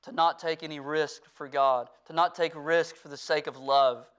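A pastor in full sermon mode, a man with a smooth, resonant voice pitched a little high. He presses hard and loud on key points, then drops to a quiet, close appeal to his congregation. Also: fairly even intonation, normal speed. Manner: earnest preaching that swings from forceful to hushed. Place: church.

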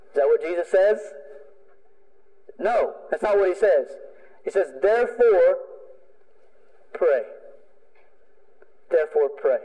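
A man's voice: high voice, lively intonation, slow, pauses often, lo-fi sound. A preaching man in a reverberant hall. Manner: emphatic preaching with repeated phrases. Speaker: pastor. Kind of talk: sermon.

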